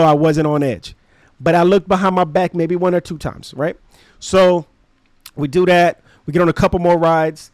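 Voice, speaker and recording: A man, casually telling a story on his podcast in an animated, slangy way. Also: high-pitched, no echo. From Brooklyn, New York. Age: 30s. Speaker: podcast host.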